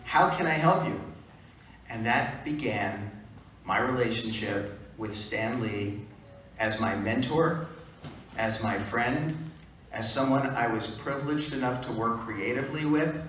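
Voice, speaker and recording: A man speaking at a fan event, telling an animated, punchy anecdote to a crowd. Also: mid-range voice, unhurried, lo-fi sound, slight background noise. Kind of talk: storytelling talk. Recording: echoey hall from far off.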